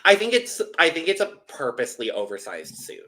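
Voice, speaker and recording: A man's voice: on the high side, wildly swooping pitch, fairly quick, sharp tone. A man co-hosting a podcast, chatting casually in a rambling way with many restarts. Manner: chatty, lots of likes and restarts. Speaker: podcast co-host. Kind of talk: casual recap chat.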